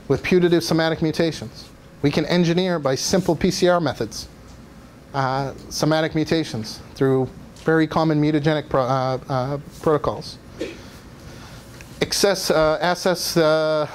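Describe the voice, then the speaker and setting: A man giving a university guest lecture, explaining methods step by step and now and then asking the audience questions. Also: a little high. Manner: explanatory, asks audience questions, some fillers. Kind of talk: academic lecture. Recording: faint background noise.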